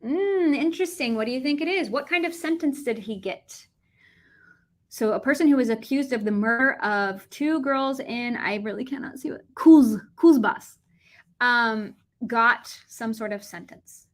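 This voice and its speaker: A young American woman with a lively, animated delivery, teaching a Russian vocabulary lesson and switching between English and Russian. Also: a little high, normal speed. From United States.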